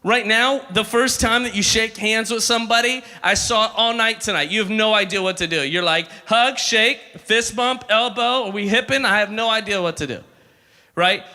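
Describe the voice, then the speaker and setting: A man's voice: high voice, moderate pace, sharp tone. A man in his thirties giving a humorous youth sermon, telling jokes and calling for responses from the crowd. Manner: joking storyteller, calls for crowd responses. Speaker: youth ministry speaker. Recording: long hall reverb.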